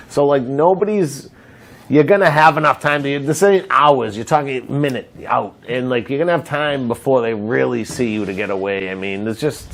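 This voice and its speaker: A man on a comedy game show rambles through his answers, swearing often and stopping to restart. His voice has an ordinary middle pitch. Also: expressive. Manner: rambling, profane, halting restarts. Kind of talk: casual comedic banter.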